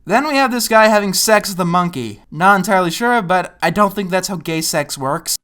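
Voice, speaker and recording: A man's voice: sits high, sing-song, moderate pace, hardly any pauses, a bit bright. A man narrating a comedic cartoon review in a sarcastic, ranting, profane way. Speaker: animation reviewer.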